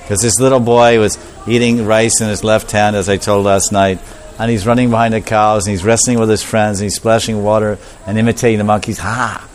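A man preaching a storytelling sermon, animated and repetitive, acting out the voices of the characters. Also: fairly low pitch, a little fast, a little hiss or hum.

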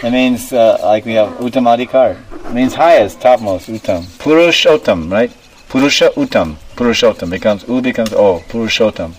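A man's voice: mid-range voice, a little fast. A man giving a devotional class, explaining terms and asking his listeners questions. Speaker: spiritual teacher. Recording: distant mic, faint background noise.

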